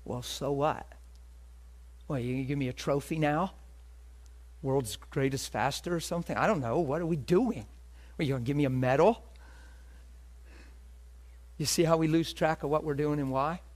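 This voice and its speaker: A man preaching a sermon, telling a personal story with animated delivery that swings between loud and hushed. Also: fairly high pitch, moderate pace, pauses often.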